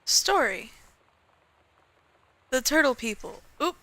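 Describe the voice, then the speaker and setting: A woman's voice: sits high, very animated, slow, pushed and bright, no room sound. A woman, chatting casually and playfully as she streams a game. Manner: chatty, playful, talks to herself. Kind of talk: casual gaming commentary.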